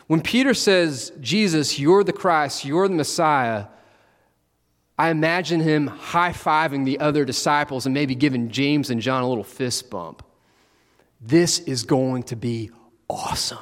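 A man preaching a sermon, telling the story with animated, acted-out quotes. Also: on the high side, a little slow. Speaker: pastor. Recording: long reverb of a large hall.

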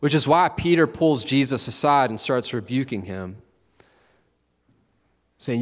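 Slow-spoken preacher in a reverberant hall. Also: male voice, medium pitch. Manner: animated storytelling, acting out quoted voices. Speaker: pastor. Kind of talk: sermon. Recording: long reverb of a large hall.

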